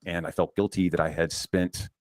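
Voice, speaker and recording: A man's voice: low-pitched, little pitch movement, moderate pace. A man telling a long profane story in a rambling casual rant, full of restarts and fillers. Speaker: comics channel host.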